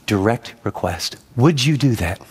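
A man's voice: lively intonation, a little slow, slightly rough. A middle-aged man preaching a sermon as pastor, telling a story from his marriage and then exhorting with rising intensity. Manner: earnest, storytelling preacher who rises in pitch when exhorting. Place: large church auditorium. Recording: long hall reverb.

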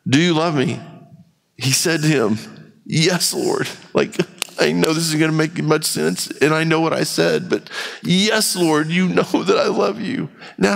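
In a big church hall, a pastor with a highish, somewhat bright voice and vocal fry delivers a conversational sermon. Quotes get acted out, and the intensity climbs as he goes.

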